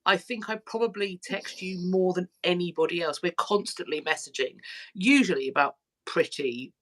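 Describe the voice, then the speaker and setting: A woman's voice: on the low side, normal speed. A woman hosting a casual livestream through her phone, talking in rambling, self-correcting runs. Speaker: YouTube channel host.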